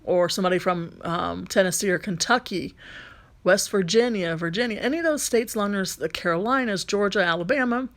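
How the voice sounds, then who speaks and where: A woman's voice: medium pitch, fairly quick. A woman with a light Southern accent, a rideshare driver and vlogger, talking casually through a phone tutorial, rambling with frequent ums and restarts.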